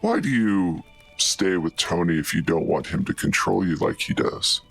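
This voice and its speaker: A man voicing a sinister tentacled dream creature in a low, guttural, taunting voice. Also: lively intonation, normal speed, gravelly, a bit bright, slightly rough, soft background music, heavily acted. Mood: menacing taunts. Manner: taunting, menacing.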